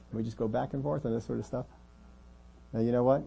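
A man preaching a sermon as pastor of a church, earnest, often dropping his voice quiet to make a point. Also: mid-range voice, steady tone, brisk, vocal fry, long pauses, husky.

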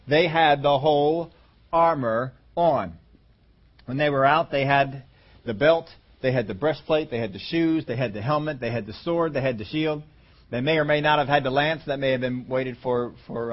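A man preaching a conversational Bible-teaching sermon, slowing down and stretching key words for emphasis. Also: fairly high pitch, muffled recording. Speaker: pastor.

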